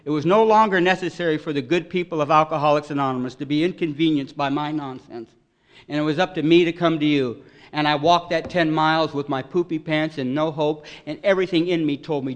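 A man giving an earnest, emotional personal testimony at a recovery meeting, voice swelling loud at its peaks. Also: on the high side, fairly quick.

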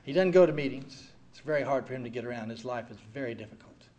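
A man in his sixties giving an earnest personal recovery testimony, swinging from quiet heavy passages to loud wry ones. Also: medium pitch, fast talker. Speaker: speaker sharing at a recovery meeting.

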